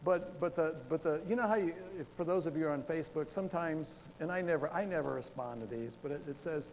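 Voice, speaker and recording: A man preaching a sermon in a loose, chatty way, full of asides and quick laughs. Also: a little high, a little mellow, in a large hall, a little hiss or hum. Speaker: pastor. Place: church.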